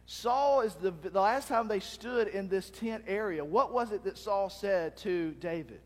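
Male pastor, sermon, animated delivery, somewhat high voice, church-hall reverb. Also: measured pace. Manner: animated, acts out crowd shouts.

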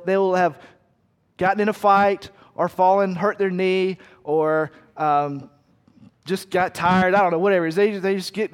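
High-voiced preacher in an echoing hall. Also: male voice, smooth. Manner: conversational preaching with lively asides and acted quotes. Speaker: pastor. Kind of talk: sermon.

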